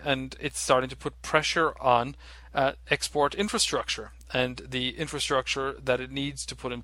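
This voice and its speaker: A man giving unscripted market commentary, speaking in a halting way with many fillers and restarts. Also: medium pitch, sharp tone, no echo. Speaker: market analyst.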